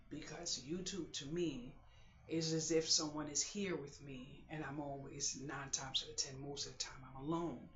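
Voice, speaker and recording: A vlogger talking in a halting, confiding way on a late-night personal video, holding back tears. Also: mid-range voice, fairly bright tone, reverberant, highs cut off.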